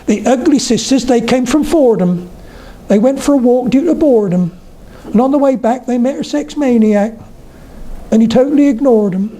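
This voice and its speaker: An older man doing an impression of a woman comic poet, with a soft, rhotic Oxfordshire burr. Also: extremely high pitch, moderate pace, slight background noise, voice pushed up, low-quality recording. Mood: droll. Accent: Oxfordshire rural.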